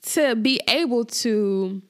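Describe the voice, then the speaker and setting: A woman's voice: fairly high pitch, takes it slowly. A woman hosting a casual faith podcast, talking informally with lots of fillers and repeated phrases for emphasis. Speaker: podcast host.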